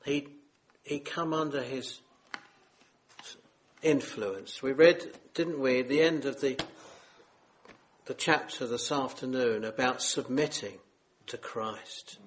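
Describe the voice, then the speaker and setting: Male preacher, unhurried sermon, earnest pleading tone, mid-pitched. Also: slight background noise. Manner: earnest, solemn, pleading with listeners.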